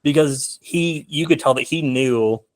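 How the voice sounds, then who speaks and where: A man's voice: on the high side, unhurried. A young man talking casually as a film guest in an interview, rambling with many fillers. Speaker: filmmaker guest.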